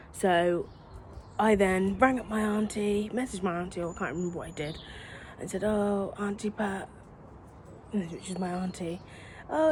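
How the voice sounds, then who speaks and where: A woman's voice: medium pitch, a little mellow, slight background noise. A young woman chatting casually to viewers about giving birth, rambling and often correcting herself. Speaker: new mother telling her birth story. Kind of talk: casual storytime vlog.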